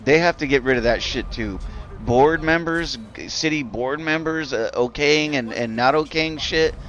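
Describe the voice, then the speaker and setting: A man's voice: a little high, moderate pace, a bit bright, highs cut off. Rambling, foul-mouthed man ranting on stream. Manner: rambling, profane, heavy use of "like". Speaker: game streamer. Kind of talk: casual rant while gaming.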